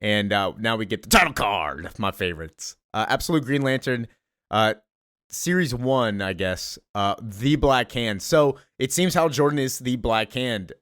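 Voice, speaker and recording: A man's voice: mid-range voice, expressive, measured pace, a bit bright, smooth, no room sound. A man hosting a casual comic book recap in a chatty way, with lots of fillers. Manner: chatty, full of fillers and laughs.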